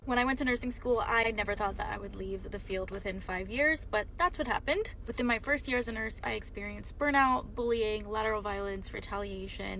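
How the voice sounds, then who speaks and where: A woman's voice: medium pitch, gravelly, a bit bright, a little hiss or hum, low-quality recording. A young woman, a former nurse, telling her own story in an earnest, candid way. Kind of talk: personal storytelling.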